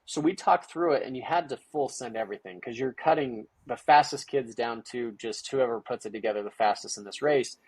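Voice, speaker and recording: Interview guest, male, husky and dry-recorded, casual animated storyteller. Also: mid-range voice, fairly quick, hardly any pauses, dry recording. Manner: animated, acts out quoted dialogue with many "like" fillers. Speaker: guest, parent of a young ninja athlete.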